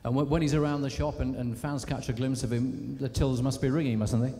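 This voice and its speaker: Mellow-voiced man hosting in a hall. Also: mid-range voice, steady tone, fairly quick. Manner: smooth, conversational, leading questions. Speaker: event host. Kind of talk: live event presenting and interviewing. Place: large civic hall, live event. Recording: long hall reverb, faint background noise.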